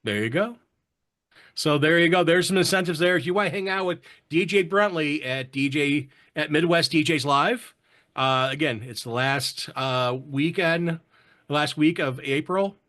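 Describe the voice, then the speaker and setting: A man's voice: on the high side, moderate pace, bright, forceful tone. A man hosting a casual online roundtable, chatting and greeting viewers from the chat. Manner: chatty, reads viewer comments aloud. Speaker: show host.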